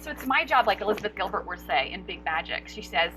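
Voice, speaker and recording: A woman being interviewed as a guest coach for actors, talking in an animated, expressive way and acting out her inner voices. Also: medium pitch, fast, hardly any pauses, soft background music, rough recording. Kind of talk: summit interview conversation.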